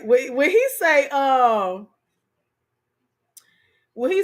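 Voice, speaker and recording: A woman's voice: high-pitched, normal speed. A woman hosting a livestream, chatting casually and playfully with her viewers and laughing often. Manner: animated, laughing, talks straight to viewers. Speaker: live stream host.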